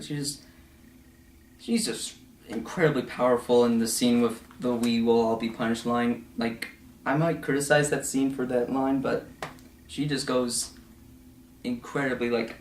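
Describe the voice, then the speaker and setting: A young man giving a casual, rambling film review full of fillers and asides, now and then slipping into quick mocking voices. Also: medium pitch, slight background noise. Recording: echoey room.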